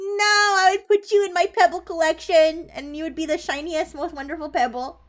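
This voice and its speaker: A woman's voice: extremely high pitch, fairly quick, a little mellow. A woman streamer chatting casually on a live stream, bubbly and giggly as she talks with viewers and a chatbot.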